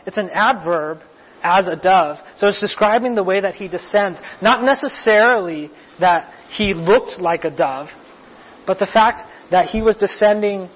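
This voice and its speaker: Pastor guy preaching, high husky voice, chatty with restarts, muffled lo-fi sound. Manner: conversational, restarts and asides, joking. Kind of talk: sermon teaching. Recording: muffled lo-fi recording.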